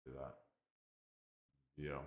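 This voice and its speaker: A man with an Irish accent casually walking through software, hesitant and thinking aloud with many fillers. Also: very slow, reverberant. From Ireland. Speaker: tech reviewer. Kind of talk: casual screen-recorded software walkthrough.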